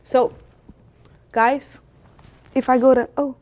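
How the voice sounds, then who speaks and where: Young female streamer, slightly high voice, lively storyteller, casual chat into a phone. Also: slow pace. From Belgium. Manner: animated, lively storyteller with big jumps for quoted voices. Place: indoors at home. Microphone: phone on a gimbal.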